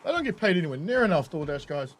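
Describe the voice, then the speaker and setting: A man's voice: a little high, big pitch swings, fast, a little hiss or hum. A man with a New Zealand accent, streaming a game and chatting casually with viewers, swearing and laughing as he rants. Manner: laughing, swearing, ranting to chat. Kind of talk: casual live-stream chat.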